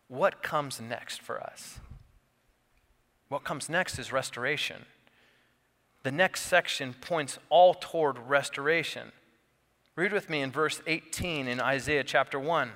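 Bright-voiced preaching man in a reverberant hall. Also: mid-range voice. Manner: emphatic preaching with rising, repeated words. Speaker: pastor. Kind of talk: sermon.

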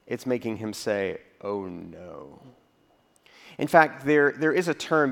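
A man preaching to his congregation at a mid pitch. He tells stories in a relaxed, conversational way. He drops his voice low to act out his own reactions. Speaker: pastor. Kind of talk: sermon.

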